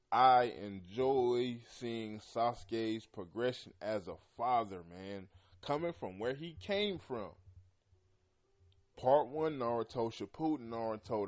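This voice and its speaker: A man hosting a podcast, talking loosely about an anime with lots of fillers and frequent throat clearing. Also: medium pitch. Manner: loose and rambling, heavy with "you know" and "man"; often clears his throat. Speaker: podcast host. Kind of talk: casual anime commentary.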